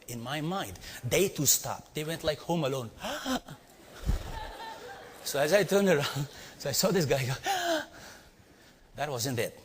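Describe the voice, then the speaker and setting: A man from India with an Indian accent, telling a story to a live audience and quizzing them with quick asides. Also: mid-range voice, a little hiss or hum. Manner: animated, quizzing the audience with "yeah?" and "right?". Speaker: leadership speaker. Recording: long hall reverb.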